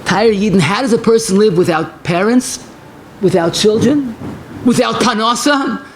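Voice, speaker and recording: Male rabbi, high-pitched and fervent, storytelling lecture with faint background noise. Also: moderate pace. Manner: passionate storytelling with Yiddish and Hebrew phrases. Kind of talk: Torah lecture.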